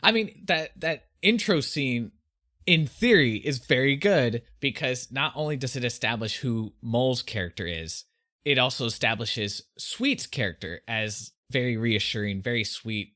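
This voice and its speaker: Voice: medium pitch, lively intonation, unhurried, sharp tone. A podcast co-host in casual chat, often exasperated and laughing.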